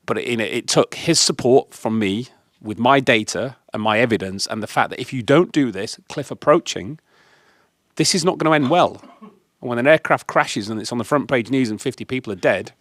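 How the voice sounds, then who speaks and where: A man from the UK on a discussion panel, telling emphatic, animated stories about leadership. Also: medium pitch, normal speed, no echo, clean studio sound. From United Kingdom. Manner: emphatic, animated anecdotes with acted quotes. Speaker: guest speaker on leadership.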